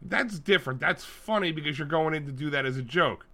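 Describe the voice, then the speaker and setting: A man's voice: on the high side, animated, a little fast, creaky, a crowd in the background. A man co-hosting a podcast, chatting casually, rambling through stories and swearing freely. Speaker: podcast co-host. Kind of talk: casual chat.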